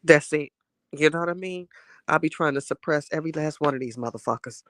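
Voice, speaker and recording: A man's voice: a little high, fairly quick, a bit bright, no room sound. A man vlogging in a chatty, sassy way while sick with a cold and a bit winded. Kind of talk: casual chat to camera.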